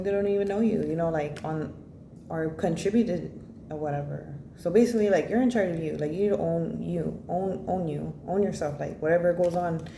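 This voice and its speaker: Low, mellow-voiced woman giving a blunt tarot reading. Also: creaky. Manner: blunt, swears freely, rambling with many fillers. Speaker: tarot reader. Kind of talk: casual spoken tarot reading. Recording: echoey room with faint noise.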